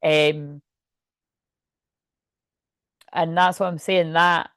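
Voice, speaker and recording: A woman's voice: deep voice, unhurried, dry recording. A woman with a Scottish accent giving a rambling, chatty tarot reading, swearing freely and laughing often. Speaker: tarot reader. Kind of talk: casual tarot reading to camera.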